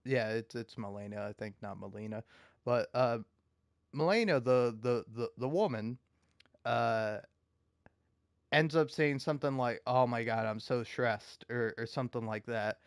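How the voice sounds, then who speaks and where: Casting: man, casual commentary rant, cursing, stammering restarts, mid pitch. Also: a little slow, no room sound, studio quality. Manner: heated, profane, stammering restarts. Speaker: video commentator.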